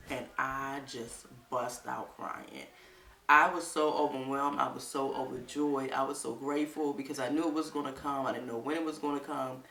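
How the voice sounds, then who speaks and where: A woman chatting to her viewers in a casual, animated storytelling style, quoting people in livelier voices. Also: low voice, gravelly, reverberant, far from the mic. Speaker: vlogger.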